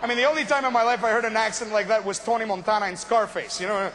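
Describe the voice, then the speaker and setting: A man's voice: high voice, fairly even intonation, very fast, a bit bright, a little hiss or hum. A young man from Montreal, telling a story about his start in business in a casual, joking way. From Montreal, Canada. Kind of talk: motivational storytelling talk.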